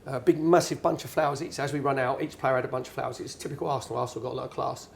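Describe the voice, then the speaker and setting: Very fast and gravelly, with a medium pitch, the voice belongs to a middle-aged Englishman, ex-footballer and pundit, guest speaking at a networking event's bar. He relates a long on-stage anecdote, chatty and animated, acting out what everyone said.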